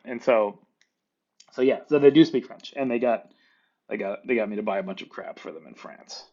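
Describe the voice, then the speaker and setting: A middle-aged man from Florida, a podcast guest telling stories in casual chat, lively and laughing often as he acts out quoted voices. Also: mid-range voice, a little fast, muffled recording.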